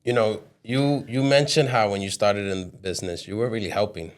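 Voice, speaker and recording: A man co-hosting an interview podcast, relaxed and affirming, with casual slang. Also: on the low side, fairly quick. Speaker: podcast co-host.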